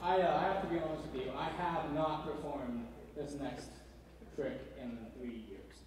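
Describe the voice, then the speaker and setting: A man performing a live comedy magic act on a convention stage, goofy and hyper with sudden bursts of yelling. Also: on the high side, fairly even intonation, moderate pace. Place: large convention hall stage. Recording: echoey hall from far off. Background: loud laughing, cheering crowd.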